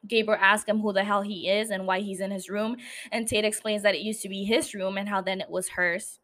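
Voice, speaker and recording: A woman's voice: medium pitch, little pitch movement, a little fast, a bit bright. A woman hosting a casual recap podcast, chatty and loose, swearing, laughing and filling with "like" and "uh". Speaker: podcast host recapping a TV series.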